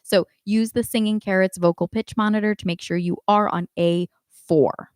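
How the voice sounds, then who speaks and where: A woman teaching a live online singing class, giving calm instructions and demonstrating warmup sounds herself. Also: medium pitch, normal speed, clear, resonant tone, no echo. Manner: coaching, demonstrates vocal exercises between instructions. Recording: dry close sound with faint piano.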